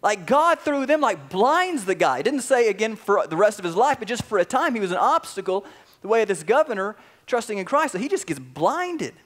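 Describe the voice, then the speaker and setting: A male pastor with a high-set voice preaching in a relaxed, chatty style. He retells scripture like a campfire story, full of slang and asides. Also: a little fast. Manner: casual, animated storytelling with slang. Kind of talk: sermon.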